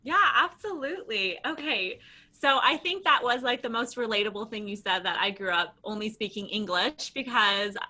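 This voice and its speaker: A woman from Los Angeles, a guest on a podcast, chatting in a lively way and laughing often. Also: fairly high pitch, normal speed. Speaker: guest, language company founder. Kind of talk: podcast interview.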